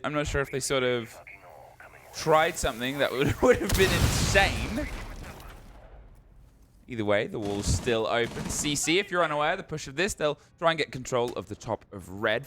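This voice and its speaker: A man's voice: on the high side, fairly bright tone, a little hiss or hum. A man casting a live esports match, analytical and full of joking banter. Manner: chatty, analytical, jokey banter. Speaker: esports caster. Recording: broadcast mix with game gunfire behind.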